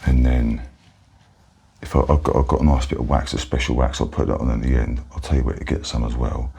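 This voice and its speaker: Soft-spoken Cockney man, gravelly and husky. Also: a bass voice, fairly even intonation, a little fast. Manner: soft-spoken, chatty, matey. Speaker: barber in ASMR roleplay. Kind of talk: whispered role-play.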